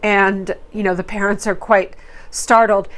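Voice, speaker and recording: A woman's voice: mid-range voice, flat delivery, a little slow. A woman hosting a reality TV recap, talking in a chatty, opinionated way with fillers and quoted asides. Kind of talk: casual commentary.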